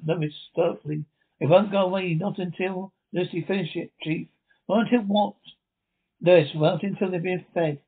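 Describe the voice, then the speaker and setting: A man's voice: sits high, steady tone, moderate pace, husky. A man reading a radio drama script aloud, stage directions included, stumbling now and then. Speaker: script reader. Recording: tinny phone-like sound.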